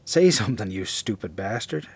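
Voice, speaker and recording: A man voicing a wife on the phone who is exasperated and affectionately teasing, in a husky voice slightly above his own low pitch. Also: expressive, moderate pace.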